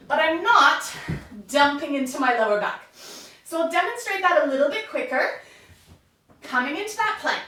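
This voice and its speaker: A woman with a high, bright voice teaches yoga, cueing each movement while she demonstrates the poses herself. She sounds like she is some distance from the mic, in a very echoey room.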